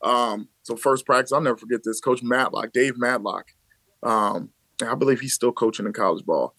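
A man's voice: mid-range voice, normal speed, dry recording. A man in his thirties from the Chicago area, a baseball coach telling stories as a podcast guest, laughing often and acting out quoted lines. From Chicago area, USA. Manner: animated storyteller who laughs often and acts out quotes. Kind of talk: casual conversational storytelling.

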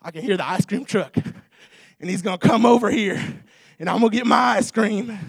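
An excited little boy waits eagerly, as a preacher tells of him in a sermon, speaking softly. The voice is gravelly underneath. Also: sits high, brisk, dry recording, voice pushed up, full character voice.

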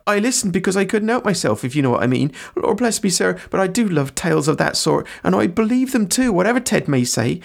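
A man's voice: sits high, very animated, fairly quick, creaky, few pauses, voice pushed up, exaggerated voice. A man reading aloud and voicing a panicky young male hobbit gardener, pleading and deferential. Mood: eager.

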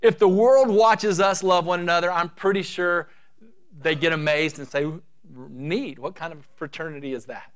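A middle-aged male pastor preaching a sermon, swinging between loud, drawn-out emphasis and quiet, quick asides. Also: on the high side, steady tone.

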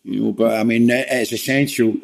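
A man's voice: medium pitch, fairly even intonation, fairly quick, gravelly. A man talking as a guest in a casual interview, rambling with lots of "you know" and restarts.

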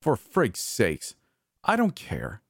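A manic, cruel brother, put on by a man reading a horror story, taunting and mocking with wildly swinging pitch. His voice is dry and close. He lurches between cold sneers and yelling. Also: wildly swooping pitch, takes it slowly, vocal fry, breathy edge, no room sound, exaggerated voice.

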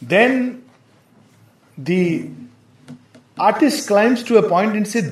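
High-voiced man, measured spiritual lecturer, echoey room. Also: animated. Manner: measured, explanatory, with hesitations. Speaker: spiritual teacher. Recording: roomy echo.

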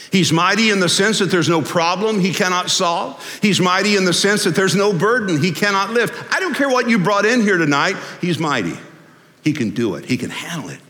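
Man, pastor, sermon, folksy, lively pitch, long hall reverb. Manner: animated and folksy, swinging from loud to hushed. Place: church sanctuary.

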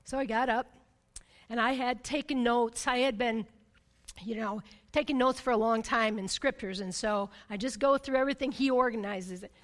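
A woman preaching in a sermon, her voice sitting high and ringing with long reverb from a big hall. She tells a personal story and keeps checking in with "right?". She moves between emphatic, loud passages and hushed, intense ones. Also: normal speed.

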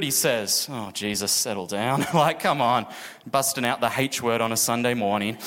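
A man's voice: medium pitch, expressive, moderate pace, fairly bright tone. A man preaching a sermon as pastor, casual and joking, acting out the people in his story. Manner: casual, joking asides and acted-out quotes. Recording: echoey hall with music behind.

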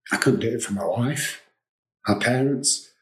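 A man with a mid-range, fairly bright voice speaks a little slowly as a guest and addiction recovery expert, recorded with a roomy echo. He tells his own recovery story in an earnest, confessional, emotional way, repeating phrases for emphasis.

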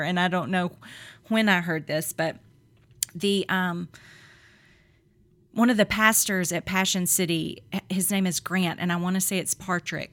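A middle-aged woman co-hosting a faith podcast, telling lively stories, laughing often and acting out quotes. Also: fairly low pitch. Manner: animated storyteller, laughs often, acts out quotes.

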